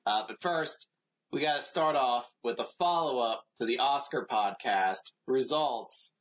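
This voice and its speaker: A man's voice: mid-range voice, a little slow, a bit bright. A man co-hosting a casual podcast chat, rambling with frequent fillers. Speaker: podcast co-host. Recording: slightly dull lo-fi audio.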